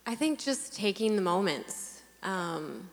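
A young mother answering as a church panel guest in a reflective way. She speaks very slowly, with a gravelly fry in her voice. A long hall reverb follows her words. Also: mid-range voice, very animated.

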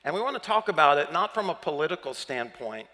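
A man's voice: on the high side, very animated, fast talker, sharp tone, in a large hall. A man with a Southern accent preaching a sermon as pastor, chatty and playful, quizzing the congregation.

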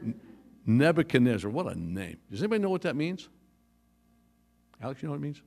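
Lively joking pastor, a man. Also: medium pitch, fairly quick, creaky. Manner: lively storytelling with jokes. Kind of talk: sermon.

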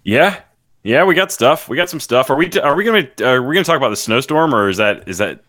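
A man's voice: mid-range voice, expressive, fast, a bit bright, no echo, clean studio sound. A man hosting a casual podcast chat, wry and teasing as he introduces his co-host and guest. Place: Texas.

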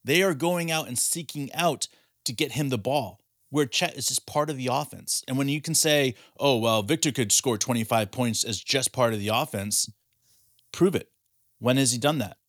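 A man's voice: mid-range voice, fairly bright tone, no echo. Argumentative man debating sports, dry sound. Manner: argumentative, rambling, builds his case with rhetorical questions. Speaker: podcast co-host. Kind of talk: casual sports talk.

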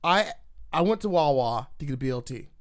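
A man's voice: on the high side, animated, fairly quick. A man in casual chat, telling heated, profane stories full of "like" and fillers.

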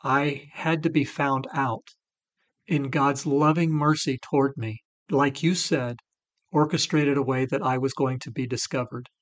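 A man's voice: medium pitch, steady tone, a little slow. Earnest middle-aged man sharing testimony. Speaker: recovery podcast co-host. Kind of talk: faith-based recovery talk.

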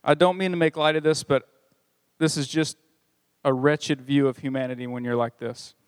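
A man's voice: mid-range voice, steady tone, normal speed, smooth, no room sound. A man preaching a sermon as pastor, reading scripture with a conversational manner and joking asides. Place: church.

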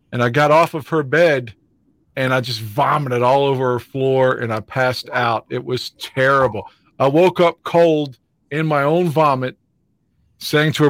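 A man's voice: medium pitch, fairly even intonation, a little slow, a bit bright, dry recording. A middle-aged man hosting a podcast, telling blunt, profane, self-mocking stories in casual chat. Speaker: podcast host. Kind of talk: casual storytelling.

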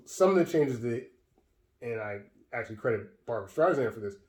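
A man in a relaxed film chat, thinking aloud with many "like"s and "um"s and swearing now and then. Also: medium pitch, moderate pace. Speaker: podcast co-host. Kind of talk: casual film discussion. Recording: roomy echo.

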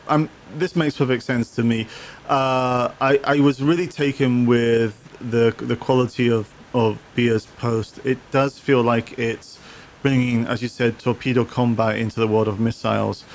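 A man's voice: medium pitch, steady tone, a little slow, slight background noise. A man co-hosting a casual gaming chat, reading viewer comments aloud and often restarting his sentences with repeated words.

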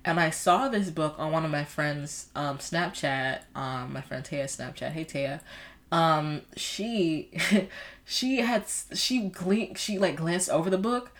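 A woman's voice: low voice, slow. A young woman chatting casually about books she has read, rambling along with lots of fillers and restarts. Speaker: book vlogger. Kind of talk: casual book chat.

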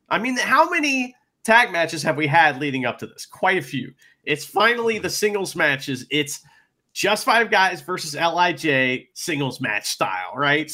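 A man co-hosting a podcast, recapping wrestling matches in casual chat, excitable and swearing freely. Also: on the high side. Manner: excitable, swears a lot, plays out wrestlers' shouts. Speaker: podcast co-host.

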